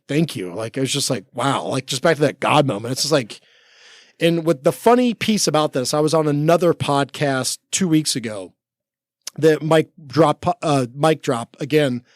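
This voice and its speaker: A man's voice: on the high side, normal speed, dry recording, studio quality. A man in his forties, a podcast guest, telling long stories in casual chat, full of 'like' and quoted back-and-forth. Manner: rambling, full of 'like', acts out quoted talk. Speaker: podcast guest, former Navy SEAL. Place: podcast studio.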